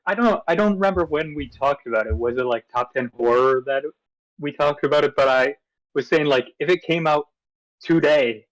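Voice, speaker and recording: A man's voice: fairly high pitch, normal speed, dry recording, low-quality recording. A man co-hosting a movie podcast in casual chat, easygoing, running through his picks from notes with fillers. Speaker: podcast co-host.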